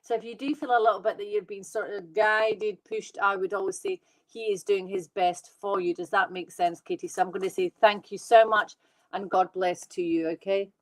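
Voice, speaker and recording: Excitable woman giving psychic readings. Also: mid-range voice, rough recording. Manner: excitable, gushing, talks fast and reassuringly. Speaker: medium giving live readings. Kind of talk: live online psychic reading.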